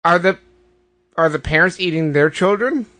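A man's voice: high voice, normal speed, sharp tone. A man on a casual comedy podcast, firing back incredulous questions and wisecracks. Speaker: podcast co-host.

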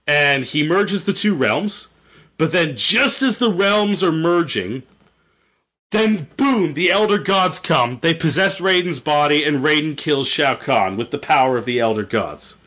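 A man's voice: a little high, expressive, a little slow, bright, forceful tone. A young man casually retelling a story, rambling, swearing and correcting himself. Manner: rambling, profane, self-correcting. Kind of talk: casual chat.

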